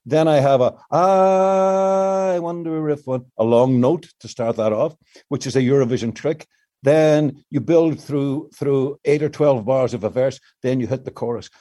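A man's voice: mid-range voice, normal speed, mellow. An older male songwriter explaining his craft at length in an interview, with many restarts. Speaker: songwriter guest. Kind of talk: reflective interview answers.

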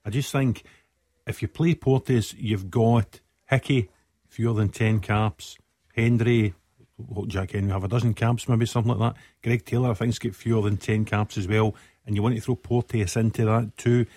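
A man giving measured, explanatory football analysis in a studio discussion. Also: on the low side, fairly even intonation, mellow, dry recording. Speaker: football pundit.

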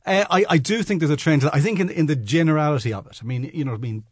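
A man, a sports broadcaster on a radio panel, talking haltingly with stammers and restarts. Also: fairly high pitch, slightly rough, no echo. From Dublin, Ireland.

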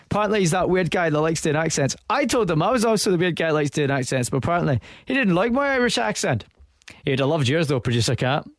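A young Scottish man hosts a radio show from a studio mic. His voice sits a little high, and he keeps the chat loose, cheeky and full of laughs. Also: animated, fast, dry recording. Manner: cheeky, laughs often, teasing. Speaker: radio host. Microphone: studio microphone.

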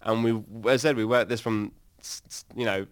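A man, a band's singer, telling animated stories in an interview, laughing and acting out his own reactions. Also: on the low side, moderate pace, clear, resonant tone, no echo. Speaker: band singer. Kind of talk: casual interview storytelling.

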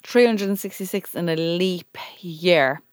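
A woman with a Cork Irish accent co-hosting a podcast, chatting casually and quizzing her friend in a brisk, blunt, teasing way. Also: fairly low pitch, clear, resonant tone, no room sound, clean studio sound. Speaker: podcast co-host. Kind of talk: casual chat.

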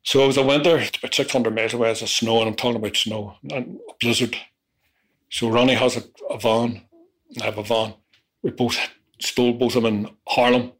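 A man's voice: mid-range voice, fairly even intonation, brisk. A man recounting his past in a rambling, profane confessional storytelling style. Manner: rambling, profane, peppered with "you know". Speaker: interviewee.

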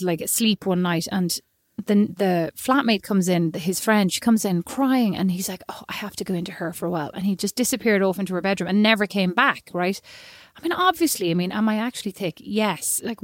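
An Irish woman co-hosting a podcast, telling stories in a casual, animated and self-mocking way. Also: mid-range voice, moderate pace, no echo, clean studio sound. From Ireland. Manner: animated, self-mocking, quotes people in voices. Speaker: podcast co-host. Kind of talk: casual storytelling chat.

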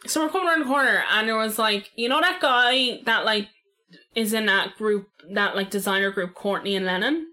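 Bright-voiced Dublin woman chatting. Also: medium pitch, brisk. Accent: Dublin Irish. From Ireland. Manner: chatty, swears freely, lots of "like" fillers. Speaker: podcast co-host. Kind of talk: casual chat.

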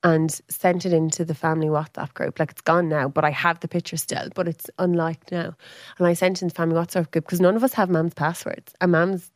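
A woman in an easy, chatty storytelling manner. Her voice sits on the lower side, recorded close and dry. She acts out quoted speech, leaping up in pitch for other people's lines. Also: little pitch movement, a little fast, dry recording. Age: 30s. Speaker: podcast guest. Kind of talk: casual storytelling.

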